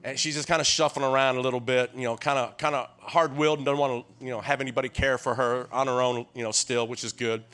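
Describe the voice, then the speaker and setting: A Tennessee man in his sixties, a guest preacher, delivers a sermon in a mid-range voice at a quick clip with few pauses. He tells folksy stories full of restarts and keeps calling out to the crowd in lively call-and-response, urging them on.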